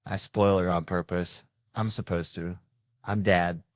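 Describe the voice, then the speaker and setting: Male stand-up comedian, lowish voice, dry close sound, animated storytelling. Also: a little slow, no room sound. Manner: animated storytelling, acting out family members.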